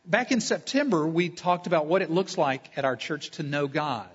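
A man preaching a sermon as a pastor at a church service. He talks emphatically, builds long spoken lists and slows down on key phrases. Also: a little high, lively intonation, husky, muffled recording.

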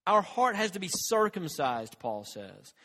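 Male pastor, higher-pitched, preaching in a loose, conversational way, recorded in a big echoing hall. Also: big pitch swings, measured pace, bright, forceful tone. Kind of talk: sermon.

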